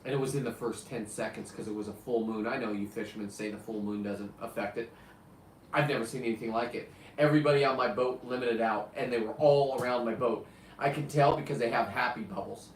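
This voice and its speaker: This man, in his fifties, hosts a live show, talking fairly quickly in a medium pitch with a blunt, profane, rambling style of live-stream chat. Slight background noise and faint ambience come through the roomy setting and distant mic.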